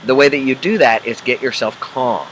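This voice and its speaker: A man's voice: mid-range voice, normal speed, a bit bright, a little hiss or hum, low-quality recording. A man from the Midwest coaching the viewer in a casual unedited video, checking in with the viewer and acting out voices in his examples. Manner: acts out quoted voices and inner chatter. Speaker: executive life coach.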